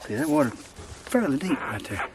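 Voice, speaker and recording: A man's voice: on the high side, very animated, moderate pace, very noisy. A man, talking casually and rambling in a folksy, self-deprecating way to a camera set up outdoors by a swampy creek, out of breath as he pushes a boat across. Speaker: outdoors vlogger. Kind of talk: casual outdoor vlog chat. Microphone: camera set up nearby.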